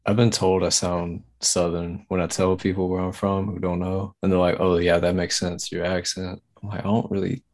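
A man who works as an audiobook narrator, talking slowly and easily in a casual podcast chat. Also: low voice, level tone, darkish tone. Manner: talks slowly, laid-back.

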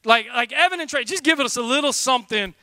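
High, bright-voiced young-sounding pastor. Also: male voice, animated, fast talker, clean tone, no room sound. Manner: loose and conversational, full of "like" fillers, jokey. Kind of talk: casual, energetic sermon. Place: church stage.

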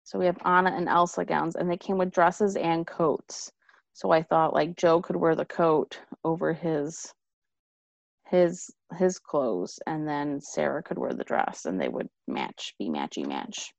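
A woman chatting casually, rambling and animated as she tells a story, with frequent restarts. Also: low-pitched, measured pace, gravelly, no echo. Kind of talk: casual chat.

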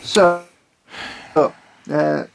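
A man's voice: on the high side, steady tone, extremely slow, vocal fry. Guy reading out a silly story, keeps cracking up. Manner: giggly, keeps breaking into laughter. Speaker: podcast co-host reading a listener's story. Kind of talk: comedic reading aloud.

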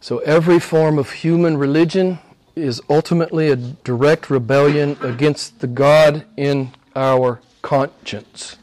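A male preacher with a high voice delivers a sermon. He hammers his points with repeated phrases. He swings from low, quiet stretches to raised, forceful passages. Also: steady tone, unhurried.

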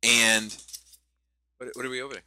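A man in his thirties co-hosting a podcast, telling a family story with animated delivery, cursing and restarting phrases. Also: mid-range voice, moderate pace. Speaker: podcast co-host. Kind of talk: casual podcast chat.

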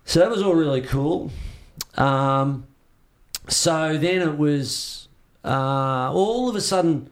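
A man's voice: on the high side, slow pace. A man with an Australian accent, a surfboard shaper, telling rambling stories in a casual interview and acting out the reactions he quotes.

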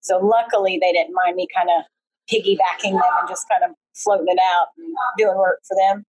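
Husky-voiced woman telling a chatty story. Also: on the low side, fairly even intonation, brisk, darkish tone, rough recording. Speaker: guest, painting business owner. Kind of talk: casual conversational interview. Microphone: remote video call.

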